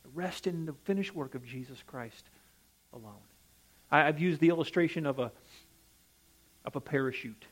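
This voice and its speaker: A man preaches a sermon in a slightly high voice at normal speed, pausing often. He uses an emphatic cadence that climbs and falls and frequently puts questions straight to the congregation.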